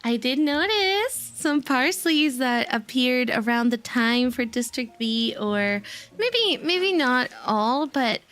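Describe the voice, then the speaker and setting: A woman streamer chatting casually with her viewers, giddy and hyper, laughing often between unhurried sentences into a desk mic. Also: sits high, lively intonation, a bit bright. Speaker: VTuber streamer. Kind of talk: casual livestream chat. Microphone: desk microphone.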